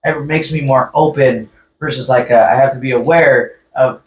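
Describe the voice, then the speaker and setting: A man in a class discussion, speaking thoughtfully and pausing on fillers. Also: mid-range voice, fairly even intonation, reverberant, recorded from a distance, low-quality recording.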